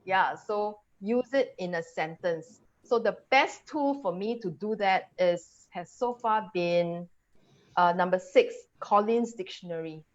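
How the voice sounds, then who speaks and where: A woman's voice: mid-range voice, unhurried, dull audio. A Singaporean woman, an English coach, teaching pronunciation on a video call. She drills sounds aloud and laughs often. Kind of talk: webinar teaching, demonstrating sounds.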